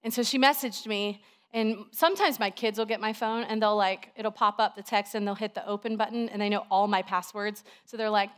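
A woman in her thirties, a pastor, preaching a sermon in a chatty, animated storytelling way with lots of fillers. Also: medium pitch, fairly quick, smooth.

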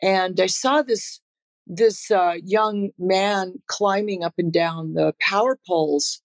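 A woman's voice: medium pitch, slow pace. Laid-back woman telling rock stories. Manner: laid-back, laughs often, frequent fillers and restarts. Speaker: guest musician. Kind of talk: casual interview storytelling.

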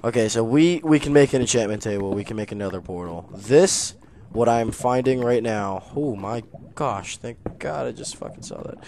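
A young man commentating his own game as a gaming channel host, nervous and excitable, muttering quietly, then bursting into loud exclamations. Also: mid-range voice, moderate pace, hardly any pauses, slight background noise. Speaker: gaming YouTuber. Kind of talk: let's play commentary.

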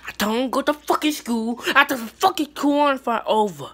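A woman performing a comedic skit, profane and excitable, swinging from mutters to shouts. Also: a little high, brisk.

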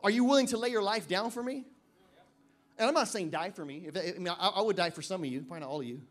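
Pastor guy with a really high voice preaching, goes loud then quiet and jokey, reads scripture slow. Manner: swings between loud emphatic declarations and quiet joking asides; reads scripture slowly and deliberately. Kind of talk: sermon. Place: church service.

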